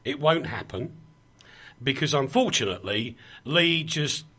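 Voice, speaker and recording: A man's voice: medium pitch, lively intonation, a little slow, sharp tone, breathy edge. A man with a Cockney accent hosting a radio chat show, bantering and joking. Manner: jokey, laughing, bantering.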